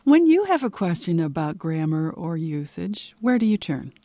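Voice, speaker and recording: A woman hosts a radio call-in show, asking short questions and bringing in callers. Her voice is mellow and somewhat low for a woman. The sound is dry and close to the mic. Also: very animated, moderate pace, no room sound. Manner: brief prompts and questions.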